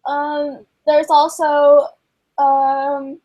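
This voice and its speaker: Teenage girl, high voice, gushing, filler-heavy, casual livestream chat. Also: flat delivery, very slow, dark tone. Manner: giggly, gushing, many fillers. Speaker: co-host.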